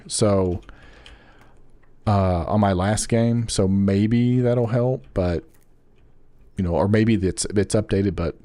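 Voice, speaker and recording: Low-voiced chatty man streaming a game. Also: a little mellow, dry recording. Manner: rambling, chatty, talks to viewers by name. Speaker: gaming streamer. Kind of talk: casual live-stream chat.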